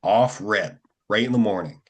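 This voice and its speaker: A young man, an actor, chatting casually in an interview, rambling with lots of fillers and quick acted-out quotes. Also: lowish voice, breathy edge.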